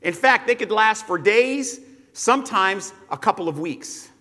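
Middle-aged male pastor, slightly high voice, crisp and bright, conversational sermon with dry humor, big reverb. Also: animated, measured pace. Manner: conversational preaching with asides and humor.

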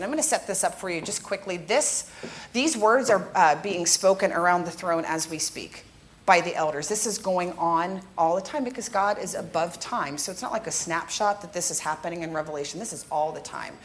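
A woman worship director giving a lively church teaching talk to a congregation, joking with them as she goes. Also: fairly low pitch, brisk. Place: church sanctuary before a congregation.

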